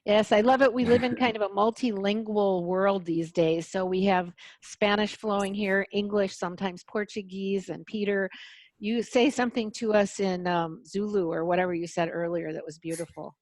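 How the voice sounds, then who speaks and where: An effusive woman hosts a casual online interview, speaking in a mid-pitched voice. Her sound is dry and close, with little room around it, as on a video call. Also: fairly even intonation, normal speed, dry recording. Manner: warm, effusive, lots of "mm" and "gorgeous". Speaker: host.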